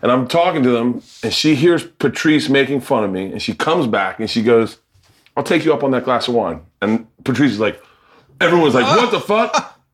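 A middle-aged man telling comedy-club stories in casual chat, animated, acting out quoted voices and laughing often. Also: mid-range voice, brisk.

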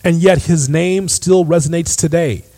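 A man's voice: a little high, steady tone, normal speed, warm tone. A man hosting a sports podcast, ranting in an exasperated, emphatic way. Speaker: podcast host. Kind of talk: opinionated sports commentary.

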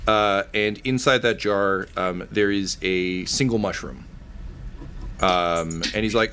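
A man narrating as game master, halting with many ums and uhs. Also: fairly low pitch, pushed and bright, a little hiss or hum.

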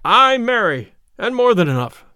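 A big, sore outlaw who bellows and grumbles in old-fashioned speech, as a male reader voices him. His voice jumps high and loud. The sound is close and dry. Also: sing-song, a little fast, no room sound, exaggerated voice. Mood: roaring. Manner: loud, roaring archaic speech. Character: burly beaten outlaw, adult man, grumbling.

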